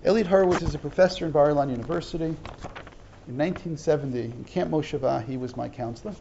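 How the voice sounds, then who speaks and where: Gravelly, mellow-voiced male teacher. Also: fairly high pitch, fast talker, a little hiss or hum. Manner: reads Hebrew text aloud, then translates it line by line; earnest and explanatory, with repeated false starts. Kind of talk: text-study lesson. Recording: dull lo-fi recording.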